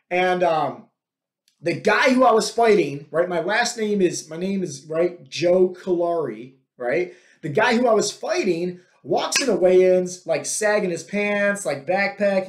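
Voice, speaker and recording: A man with a fairly high voice tells personal stories in a loose, rambling way, often checking in with "right?". The sound rings with a noticeable echo from the room. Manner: rambling, tags sentences with "right?". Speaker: podcast host. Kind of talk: casual personal storytelling. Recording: echoey room.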